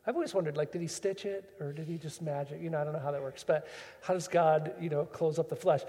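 A man's voice: on the high side, steady tone, fast talker, mellow, in a large hall. A man preaching a sermon as pastor, chatty and full of rhetorical questions.

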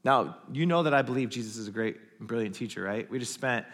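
A man's voice: mid-range voice, quick pace, fairly bright tone. A man preaching a sermon at a church, acting out quoted lines with animation. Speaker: pastor.

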